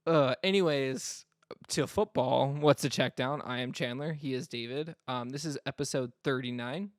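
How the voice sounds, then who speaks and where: Florida guy rambling on his podcast, mid pitch, dry close mic. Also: normal speed, no echo. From North Florida, US South. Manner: rambling, many fillers and restarts. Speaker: podcast co-host. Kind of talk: casual chat.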